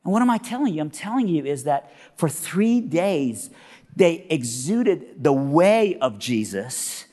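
A male guest preacher with a high, animated voice, spinning a funny story into a sermon point. His delivery is lively and conversational. His voice echoes with a long reverb through a large hall. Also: unhurried. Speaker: guest speaker.

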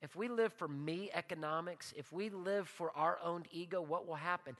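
Pastor, male, high bright voice, emphatic sermon delivery, church hall reverb. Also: moderate pace. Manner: emphatic preaching, drops to a hushed low voice for prayer; leads call-and-response repetition.

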